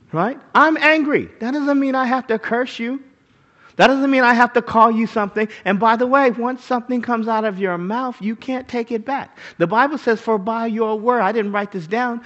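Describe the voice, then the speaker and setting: A man preaching a sermon, animated, asking the crowd rhetorical questions and acting out the quotes he reads. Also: very high-pitched, lo-fi sound. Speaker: pastor.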